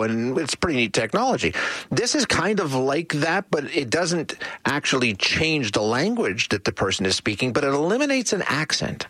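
A man's voice: mid-range voice, a bit bright, slightly rough, no echo. A man hosting a talk radio show, chatting casually with frequent restarts and fillers.

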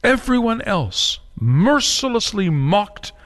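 Dramatic preacher with a high voice. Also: male voice, sing-song, fairly bright tone, big-room sound. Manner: dramatic, swings from slow solemn to fast urgent. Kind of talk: sermon.

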